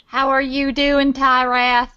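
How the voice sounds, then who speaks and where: A woman's voice: high-pitched, little pitch movement, slow, bright, forceful tone, clear, resonant tone. A woman playing a tabletop role-playing game, bubbly and giggly. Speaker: player. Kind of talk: casual tabletop game talk. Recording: dull lo-fi mic.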